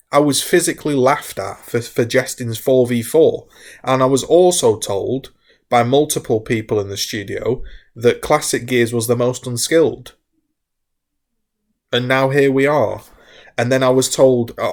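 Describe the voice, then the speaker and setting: A man, a gaming content creator, talking candidly to his viewers, wound up and frustrated, rambling with repeated restarts. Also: mid-range voice. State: wound up, hiccuping. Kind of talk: candid talk to camera.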